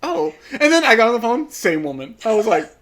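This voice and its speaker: A man's voice: sits high, very animated, fairly bright tone. A man hosting a podcast in casual chat, campy and chatty, telling stories with plenty of slang. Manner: chatty and campy, quick to laugh. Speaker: podcast host.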